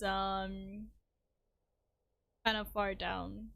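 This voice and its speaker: Woman streamer at home rambling to chat, swears a lot, bright voice, dry sound. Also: fairly high pitch, moderate pace, dry recording. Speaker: game streamer. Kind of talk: casual chat while gaming.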